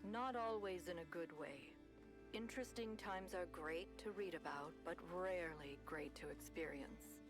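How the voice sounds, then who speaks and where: A woman voicing a weary, wise female android who speaks in a sober, measured way. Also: fairly low pitch, over music, natural voice.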